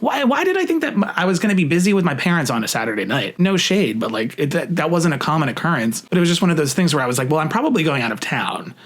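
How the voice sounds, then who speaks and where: A young adult man casually telling a story to camera, chatty and profane, full of "like" fillers, rushing some phrases and drawing out others. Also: fairly high pitch, big pitch swings, a bit bright. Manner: shifts between rushed and drawn-out phrasing. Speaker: vlogger.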